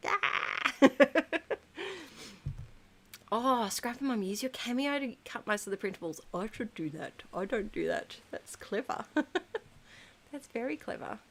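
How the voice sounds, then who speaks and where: A woman's voice: fairly high pitch, lively intonation, takes it slowly, pauses often, fairly bright tone, slight background noise. A woman in her thirties chatting casually on a live stream, reading out viewers' messages with frequent ums and giggles. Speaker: livestream host reading chat.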